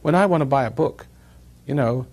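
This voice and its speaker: This man's voice is medium-pitched, brisk, a little mellow, with a breathy edge. Speaking to an audience at an evening event, he wanders from story to story and laughs at his own jokes.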